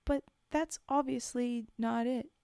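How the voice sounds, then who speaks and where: Mellow-voiced woman reading a story. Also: on the high side, fairly even intonation, takes it slowly, gravelly, clean tone, no echo, clean studio sound. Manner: reads aloud, breaks off to chat with viewers, sometimes whispers. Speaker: streamer reading stories. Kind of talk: casual read-aloud storytelling.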